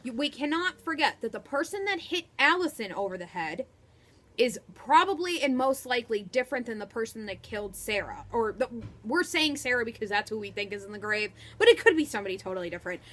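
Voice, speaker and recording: A woman's voice: fairly high pitch, big pitch swings, a little fast, fairly bright tone. A young woman co-hosting a vlog in casual chat, brash and crude, cutting in often. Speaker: vlog co-host.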